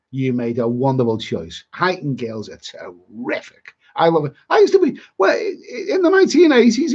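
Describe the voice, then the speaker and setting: With a fairly high, darkish voice, this Liverpool man in middle age rambles on a live stream as a travel vlogger, saying things over again. The stream audio sounds dull and lo-fi.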